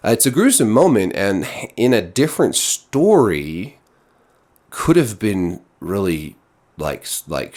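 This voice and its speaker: A man giving a casual spoken TV review, exasperated and rambling with many restarts. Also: fairly low pitch. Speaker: TV show reviewer.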